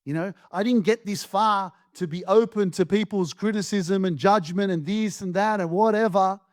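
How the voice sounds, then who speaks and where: A blunt, emphatic man hosts a motivational podcast and swears freely. His voice sits high for a man. The sound is dry and close, with no room around it. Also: moderate pace, no room sound. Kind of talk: motivational monologue.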